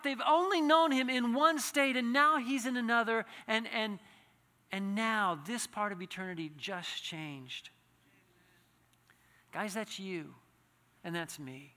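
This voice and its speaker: Echo hangs in the air of a reverberant church hall as a pastor gives his sermon. His voice is high and bright; he speaks with earnest conviction, climbs into impassioned pleading, and keeps restarting his phrases.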